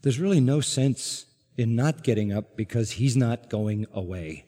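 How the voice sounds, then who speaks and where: A man preaching an expository sermon to a congregation, emphatic and climbing to forceful peaks on key words. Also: mid-range voice, lively intonation, a little slow. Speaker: pastor. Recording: long hall reverb.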